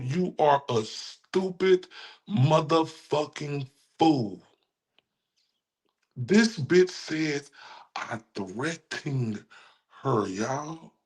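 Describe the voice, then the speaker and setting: A man with a Texan accent, a streamer ranting with heated, taunting, profane commentary at his viewers. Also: a little high. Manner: heated, repetitive, taunting, addresses viewers as y'all. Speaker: streamer reacting to clips.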